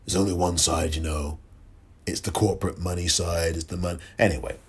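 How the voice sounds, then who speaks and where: A man hosting a podcast, delivering a sarcastic, animated political commentary monologue and repeating phrases for effect. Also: low voice, brisk, husky. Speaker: podcast host. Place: lives in California.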